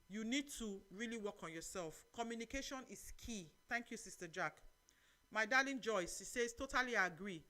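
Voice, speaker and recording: A middle-aged woman with a Nigerian accent hosting a live church talk show, preaching lively advice and reading out viewer comments. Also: a little high, a little fast. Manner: lively, preachy, mixes in Nigerian Pidgin phrases.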